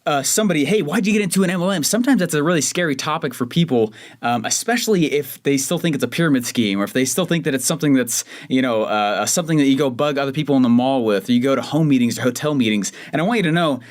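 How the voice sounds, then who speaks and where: A man's voice: medium pitch, animated, fast talker, few pauses. A young man from Colorado hosting his own podcast, telling a personal story in a chatty, self-mocking way with lots of fillers and restarts. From Denver, Colorado. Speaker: podcast host. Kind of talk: casual solo podcast storytelling.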